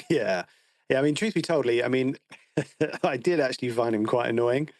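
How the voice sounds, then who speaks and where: A man's voice: medium pitch, moderate pace, a little mellow, dry recording. A man co-hosting a film podcast, recapping the plot in a wry, teasing way. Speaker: podcast co-host. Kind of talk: casual film discussion.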